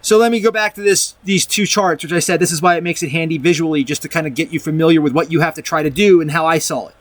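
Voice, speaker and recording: A man with a fairly high voice walks through a math proof in a loose, conversational way, backing up and restarting his sentences as he goes. He reads from his notes and then adds comments of his own. The recording is dry and close, with no room sound. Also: fast, dry recording. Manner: rambling, restarts often, reads from a document and comments. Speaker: math video presenter. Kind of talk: casual explanatory math lecture.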